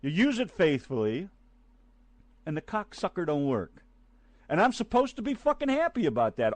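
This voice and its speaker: Man, profane ranting co-host, high voice, dry recording. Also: sing-song, brisk, dry recording. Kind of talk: casual chat and profane rant.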